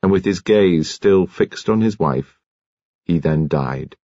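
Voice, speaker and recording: A man reads a mystery novel aloud in a measured, expressive way. His voice is low and husky, with lively intonation, and the recording is dry and a little muffled. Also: no room sound. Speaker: audiobook narrator. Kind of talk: scripted narration of a mystery novel.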